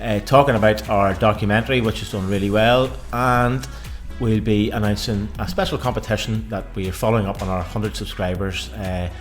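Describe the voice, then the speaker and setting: A man's voice: fairly low pitch, fairly even intonation, brisk, few pauses, faint music behind. A man co-hosting a casual football podcast, rambling with frequent restarts and fillers. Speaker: podcast co-host.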